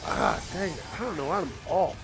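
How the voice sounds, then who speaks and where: A man's voice: high-pitched, moderate pace, creaky. A man hosting a game livestream, chatting loosely with lots of fillers while he plays. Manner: rambling, chatty, with many fillers. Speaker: game streamer host. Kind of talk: casual chat while playing a game. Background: video game music.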